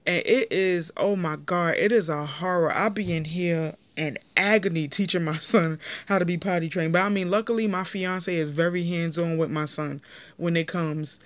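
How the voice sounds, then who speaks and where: A woman's voice: fairly low pitch, steady tone, moderate pace, no echo. A young woman talks straight to the camera, recapping a reality show episode in a loose, chatty way. She is opinionated and gets heated when someone on the show annoys her. It sounds like she is filming at home. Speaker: TV recap vlogger. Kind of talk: casual reality TV episode review.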